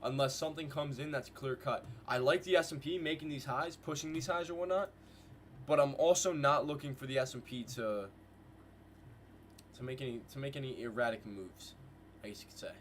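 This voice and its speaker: A man at a desk mic runs live market commentary for his viewers, mid-pitched and full of hype. He calls to the chat as "guys" and "bro" and fires phrases off in repeated bursts, with a faint hiss of noise behind him. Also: a little fast. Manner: hyped, slangy, talks to chat with "guys" and "bro". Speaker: trading livestream host. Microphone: desk mic with headphones.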